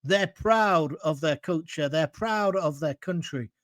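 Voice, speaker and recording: Blunt, combative man, high voice. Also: a little slow, a bit bright, no room sound, studio quality. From England. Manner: blunt, combative, ranting, jokey asides. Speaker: host of a live-stream show. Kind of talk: live-stream opinion monologue reading viewer comments. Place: at home, alone.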